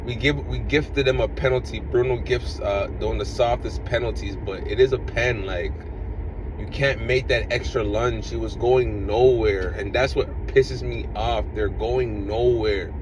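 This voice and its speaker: A man of ordinary pitch vents his frustration as a football fan in a casual reaction vlog. He rants and circles back on the same points, with faint traffic noise in the background. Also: fairly even intonation, measured pace. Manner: frustrated, ranting, repeats himself.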